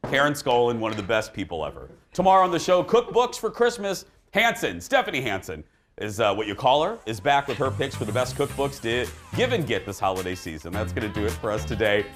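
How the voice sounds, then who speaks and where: Snarky, animated male talk show host. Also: lowish voice, a little fast, faint music behind. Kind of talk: casual daytime TV chat.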